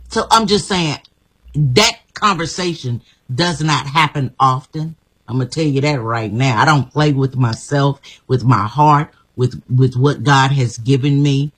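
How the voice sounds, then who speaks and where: A woman's voice: very deep voice, a little slow, breathy edge. A woman guest speaking emphatically in an inspirational interview, repeating herself and laughing often.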